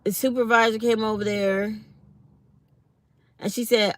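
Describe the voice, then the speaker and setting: A woman's voice: a little high, fairly even intonation, unhurried, dry recording. A middle-aged woman, talking casually to viewers and acting out both sides of an office conversation. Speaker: vlogger.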